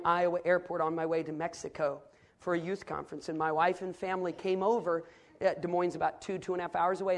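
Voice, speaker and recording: A middle-aged man delivers a sermon. He tells a personal story in a low, intimate tone, then builds to fervent, loud preaching.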